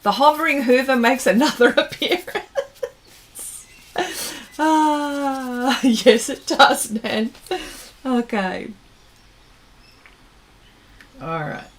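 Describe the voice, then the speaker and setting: Aussie lady chatting away while she paints, slowish, a bit high, drifts off mid sentence. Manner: chatty, reads viewers' comments aloud, trails off mid-sentence while working. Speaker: art livestream host. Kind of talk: casual chat while painting.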